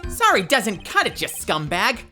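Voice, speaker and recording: A woman's voice: mid-range voice, wildly swooping pitch, moderate pace, sharp tone, faint music behind. A woman voicing a stern, cool-headed male lawyer who questions in a cold, accusing way. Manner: cold, accusing cross-examination.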